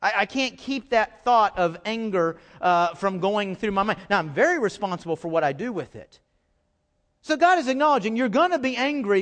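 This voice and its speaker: Man, middle-aged, pastor, sermon, high-pitched, emphatic, repeats words for stress. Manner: swings from loud emphatic outbursts to low quiet asides; repeats words and restarts when stressing a point.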